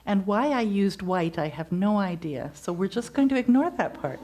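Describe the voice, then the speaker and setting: A woman giving a gentle, reflective spiritual talk, telling stories to her congregation. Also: mid-range voice, animated, normal speed.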